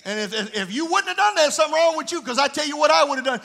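Fervent high-voiced preacher, echoey hall. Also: male voice, animated, rapid-fire, creaky. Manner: fervent preaching, rising to shouts. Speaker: pastor. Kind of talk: sermon. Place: church sanctuary.

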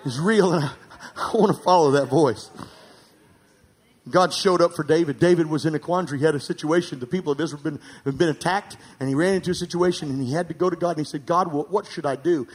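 A man preaching a sermon as pastor, calling for amens and swinging from emphatic, near-shouted peaks to quiet asides. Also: on the high side, fast talker, husky. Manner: calls for amens from the congregation.

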